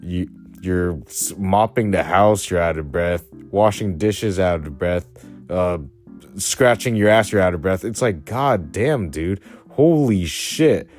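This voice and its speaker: A man's voice: low-pitched, a little slow. A young man ranting casually in a blunt, crude, slang-heavy way, mocking as he goes. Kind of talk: casual rant to camera. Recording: faint music behind.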